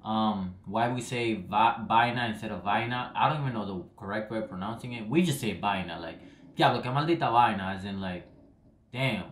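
A man's voice: on the low side, moderate pace, fairly bright tone, slight background noise. A young Dominican man, talking to the camera in a loose, rambling vlog and trailing off at the ends of his phrases. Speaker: vlogger. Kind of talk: casual vlog explainer. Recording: echoey room.

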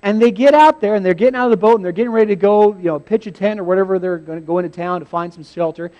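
A man with a notably high-pitched voice delivers a sermon as an animated, humorous storyteller. He chuckles often and bursts into loud acted-out lines before dropping back to a conversational tone. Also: rapid-fire, lo-fi sound. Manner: acts out biblical scenes with sudden shouted quotes. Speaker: pastor.

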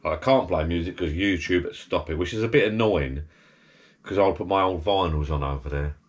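A man's voice: low voice, moderate pace. A man rambling in casual chat from his backyard garden bar, drifting from topic to topic. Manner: rambling, digressive, chatty. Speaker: vlogger.

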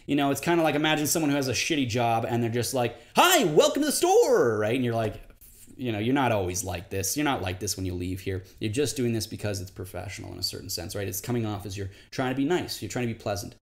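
A man's voice: quick pace, creaky. A man lecturing casually on confidence, talking conversationally and sometimes imitating other people's tones. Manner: conversational, demonstrates tones by mimicking high-pitched greetings.

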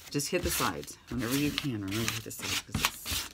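A woman's voice: a bass voice, expressive, quick pace. A middle-aged woman chatting casually as she works on a craft project at home, rambling and joking at herself and now and then dropping to a whisper. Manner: chatty, rambling, self-mocking, often whispering asides. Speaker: craft vlogger. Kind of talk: casual chat while painting. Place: home craft room with the window open. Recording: loud background crafting noise. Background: sanding, rubbing and clicking sounds.

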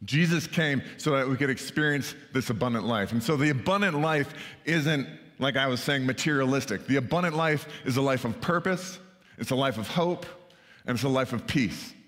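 A man's voice: mid-range voice, normal speed, a bit bright. A male pastor giving a conversational sermon, often checking in with the congregation with "right?" asides. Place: church sanctuary. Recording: church sanctuary with long reverb.

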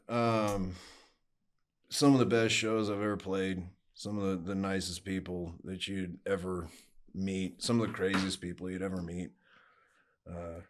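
A man, a guest musician, casually telling rambling stories and swearing freely. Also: low voice. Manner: laid-back, rambling, swears freely, acts out quotes. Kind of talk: casual storytelling.

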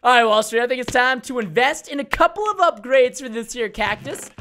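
A young man hosting a game stream, joking and bursting into excited shouts during play. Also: very high-pitched, brisk, crowd noise. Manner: loud, jokey, bursts into shouts. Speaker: gaming host. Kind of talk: excited gameplay commentary.

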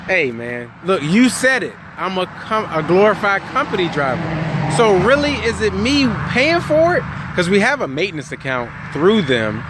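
A man's voice: high-pitched, sing-song, normal speed, noisy background. A man who drives a truck, talking casually and jokingly into his phone outdoors, rambling. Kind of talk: casual vlog monologue. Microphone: phone held by hand.

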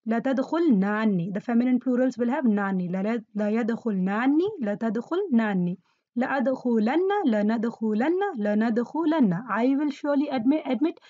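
A woman's voice: on the high side, lively intonation, normal speed, mellow, no room sound, lo-fi sound. A woman teaching Arabic grammar to learners, patiently repeating key words and quizzing her listeners. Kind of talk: explaining Quranic Arabic grammar.

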